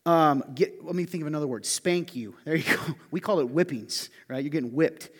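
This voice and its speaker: A man with a Southern US accent preaching a sermon as pastor, animated and joking, swinging between loud emphasis and hushed asides. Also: fairly high pitch, brisk. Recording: reverberant hall.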